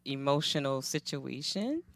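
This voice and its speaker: A woman's voice: very deep voice, big pitch swings, unhurried, no room sound. A woman with a New Orleans accent, chatting casually on a panel and telling a story with frequent laughter. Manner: laughs often, tells stories animatedly. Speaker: guest panelist, podcaster.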